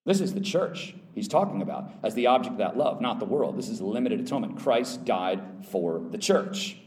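A man preaching as a pastor in a church Bible class, emphatic, with his voice rising to loud high peaks and dropping to quiet low asides. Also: sing-song, moderate pace, slight background noise. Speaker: pastor teaching adult Sunday school. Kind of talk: sermon-style Bible teaching. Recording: voice picked up from a distance off the mic.

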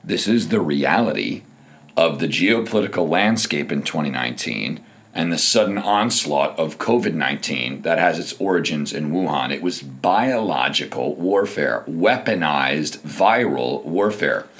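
A man hosting a political commentary podcast in a hoarse, scratchy, low voice, making his points emphatically and stacking up repeated phrases. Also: expressive, measured pace, fairly bright tone. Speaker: podcast host.

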